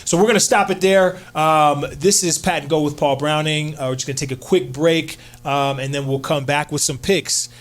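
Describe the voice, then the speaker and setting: A man's voice: a little high, fairly even intonation, moderate pace, hardly any pauses. A man hosting a casual sports radio show in a studio, upbeat and filler-heavy, hyping up his co-hosts. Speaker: sports talk show host.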